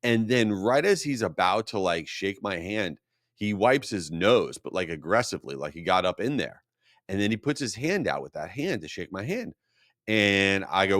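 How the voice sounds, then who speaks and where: A man hosting a solo marketing podcast, talking casually and telling stories with a self-mocking, animated manner. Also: low-pitched, normal speed, no room sound, clean studio sound. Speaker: podcast host.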